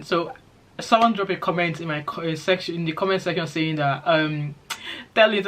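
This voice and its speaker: A middle-aged woman from Nigeria with a Nigerian accent, chatting quickly and animatedly to her channel's viewers. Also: lowish voice. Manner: fast-talking, lively storytelling. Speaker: vlogger. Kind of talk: casual chat to camera.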